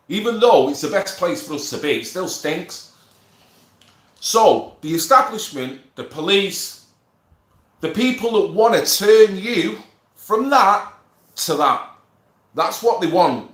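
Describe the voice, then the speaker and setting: A man's voice: high voice, measured pace, roomy sound. A man ranting to his viewers in a casual monologue, swearing often and asking them if he's wrong. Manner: animated, swears a lot, asks viewers for agreement. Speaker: political vlogger.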